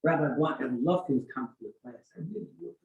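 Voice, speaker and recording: An older man, a rabbi teaching an informal Torah class, telling stories and acting out dialogue in an animated way. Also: mid-range voice, quick pace, creaky, narrow, tinny audio. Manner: animated storytelling, acts out dialogue. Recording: echoey room, mic at a distance.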